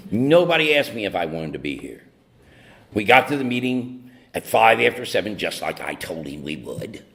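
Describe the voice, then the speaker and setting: Deep-voiced man telling a wry story. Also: vocal fry. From North Carolina. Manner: wry, animated, mock-indignant delivery. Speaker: speaker at AA meeting. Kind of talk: humorous personal storytelling to a meeting.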